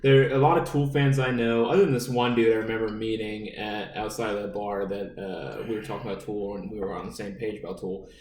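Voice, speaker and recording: A man's voice: lowish voice, fairly even intonation, a little fast, hardly any pauses, a little mellow, far from the mic. Ranting, swearing podcast guy in echoey room. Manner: rambling, heated, swears constantly. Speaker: podcast co-host. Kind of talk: casual profane podcast banter. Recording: echoey room, voice off-mic, faint noise.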